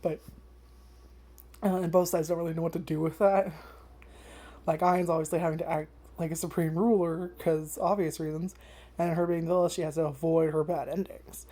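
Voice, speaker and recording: Chill woman vlogger w a lowish warm voice, rambly, swears a lot, tons of "like". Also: fairly even intonation, normal speed, pauses often, slightly rough. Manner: rambling, swears freely, many fillers. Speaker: anime vlogger. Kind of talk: casual first-impressions chat.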